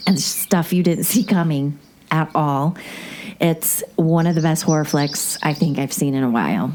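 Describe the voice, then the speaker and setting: A woman's voice: sits low, moderate pace, a little mellow. A woman hosting a podcast, recapping a movie in a rambling, chatty way with many asides. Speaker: podcast host. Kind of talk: casual movie recap chat.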